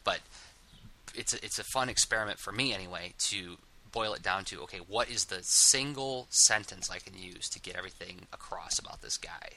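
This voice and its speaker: Guy hosting a chat, low voice but really bright, rambles and restarts a lot. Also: moderate pace, a little hiss or hum, low-quality recording. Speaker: host of a comics podcast. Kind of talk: casual interview chat.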